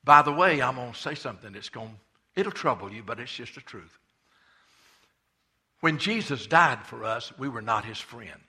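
A man preaching a sermon with fervor, swinging between loud impassioned cries and quiet, hushed asides. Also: mid-range voice, lively intonation, normal speed, husky. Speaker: pastor.

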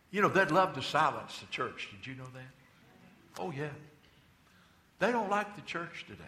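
A man preaching a sermon as pastor, emphatic, swinging between loud declarations and quiet asides. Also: fairly high pitch, sing-song, a little slow, pauses often, reverberant. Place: church.

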